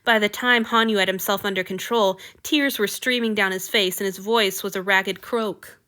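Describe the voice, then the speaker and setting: A woman reads a fiction story aloud with expressive, lively narration. Her voice is bright and crisp. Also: medium pitch, normal speed. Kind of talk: audiobook reading of fiction.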